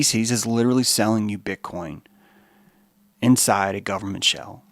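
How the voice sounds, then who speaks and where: A man hosting a podcast, giving an animated, profane, rambling monologue. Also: lowish voice, moderate pace, no room sound. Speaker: podcast host.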